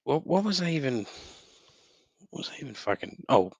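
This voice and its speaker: A man's voice: mid-range voice, sing-song, normal speed, slightly rough, no room sound. A man hosting a solo podcast from home, ranting in a profane, rambling way with many restarts and sudden heated outbursts. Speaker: podcast host.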